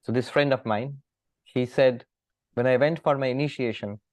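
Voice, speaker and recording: Calm monk giving a scripture lecture. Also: male voice, mid-range voice, no room sound. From India. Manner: calm, gently humorous teaching with many pauses.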